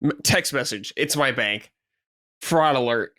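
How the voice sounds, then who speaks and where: A man's voice: mid-range voice, a little slow, bright, forceful tone, dry recording. A man co-hosting a gaming podcast, telling a story in casual chat and swearing freely. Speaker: podcast co-host.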